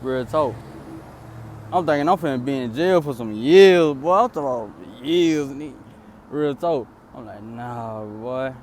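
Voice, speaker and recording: A man's voice: lively intonation, normal speed, darkish tone, slight background noise. A young man casually recounting a story outdoors in a rambling, repetitive way. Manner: rambling, repetitive "then boom" narration.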